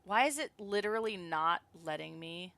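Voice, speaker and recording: An excitable woman streamer plays a card game, muttering counts under her breath and swearing freely. She reads the story text aloud between bursts. Her voice is bright and sits in a dry room, with clicking behind. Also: fairly low pitch, moderate pace, vocal fry, no room sound. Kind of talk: casual gameplay commentary and reading game text aloud.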